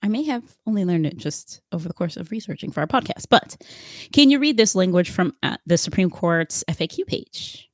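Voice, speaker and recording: Podcast co-host, woman, lower voice, measured explainer who keeps asking her partner questions; dead-dry close mic. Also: expressive, dry recording.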